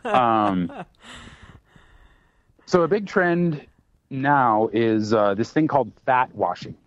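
A man's voice: mid-range voice, animated, slow. A man who works as a bartender, a guest on a podcast, talking casually and rambling with plenty of fillers and restarts. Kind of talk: casual chat. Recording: dry, slightly dull sound.

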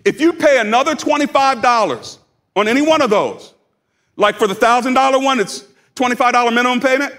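High-voiced pastor preaching casually. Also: male voice, fairly quick, sharp tone. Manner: conversational preaching with humor and call-and-response. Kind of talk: sermon. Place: church sanctuary.

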